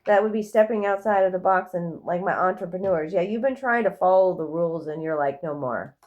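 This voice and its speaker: A woman giving a casual, rambling tarot reading in a gentle, affirming way. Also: on the low side, a little fast, highs cut off. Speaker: tarot reader.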